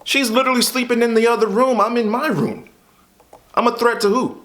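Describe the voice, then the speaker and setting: A man's voice: extremely high pitch, fairly even intonation, brisk, a bit bright. A young man in a candid, frustrated monologue to camera, venting about a hard stretch of his life. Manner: frustrated, exasperated storytelling with repeated "what the hell". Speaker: YouTube creator.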